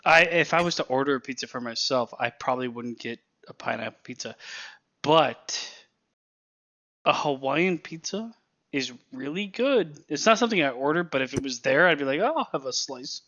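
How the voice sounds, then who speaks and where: A man with a bright, sharp voice rattles off crude one-liners and chuckles through his punchlines. His mic sounds dull and lo-fi, as if the top end were cut away. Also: mid-range voice, animated, moderate pace. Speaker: podcast co-host. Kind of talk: casual joke-telling chat.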